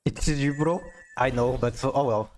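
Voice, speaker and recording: His voice is mid-range and somewhat dark, moving at a measured pace over a bit of hiss or hum. He's a man live-streaming a card game, chatting easily with viewers and reading chat aloud. He frequently stammers as he restarts sentences.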